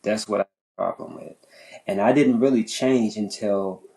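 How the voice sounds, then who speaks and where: A man on a podcast telling a long story in casual chat. He talks in an animated, profane way, often repeating and restarting his phrases. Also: moderate pace, creaky, rough recording. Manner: animated, profane, pitch jumping high when worked up. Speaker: podcast host.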